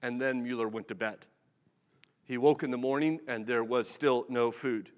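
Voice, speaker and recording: A man's voice: mid-range voice, steady tone, normal speed, big-room sound. A man preaching a sermon in a conversational, humorous way, acting out bits of dialogue.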